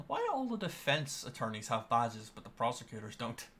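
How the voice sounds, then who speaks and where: A man's voice: mid-range voice, huge pitch swings, fairly quick, few pauses, background noise. A man streaming a game, tossing sarcastic, profane asides in casual commentary. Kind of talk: casual let's-play commentary. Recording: loud game music behind.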